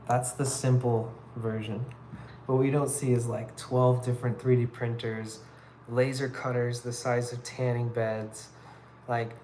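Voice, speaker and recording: A relaxed man livestreams from his phone while he works, talking loosely and circling back on himself with plenty of "like" and "kinda crazy." His voice sits at an ordinary middle pitch, with a soft hum of background noise underneath. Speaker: livestreaming artist. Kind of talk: casual live-stream chat while working.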